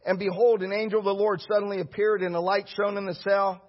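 A high-pitched, husky middle-aged man preaching a sermon. He drives his points with call-and-response and rising shouts. The recording is dull and lo-fi. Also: little pitch movement, quick pace. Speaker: pastor.

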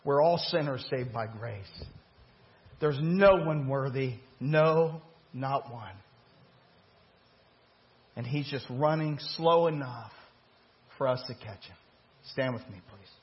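A man's voice: medium pitch, takes it slowly, long pauses. Man preaching in a lo-fi recording. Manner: preaching with rising emphasis and dramatized quotes. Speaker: pastor. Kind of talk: sermon. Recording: muffled lo-fi church recording.

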